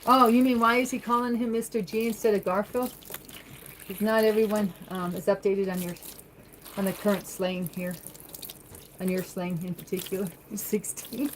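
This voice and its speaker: A woman's voice: medium pitch, level tone, normal speed, a little hiss or hum, low-quality recording. A woman chatting on a livestream from her home, reading viewer comments aloud and answering them in a rambling way. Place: home, at the kitchen sink.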